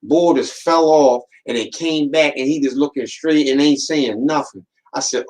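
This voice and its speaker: A man hosts a podcast in a loose, unscripted monologue. His voice sits a little on the high side, and his delivery is slangy and streetwise. He keeps pressing the listener with a repeated "man" and "watch". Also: moderate pace, darkish tone, rough recording. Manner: slangy, streetwise storytelling that acts out quoted voices. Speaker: podcast host.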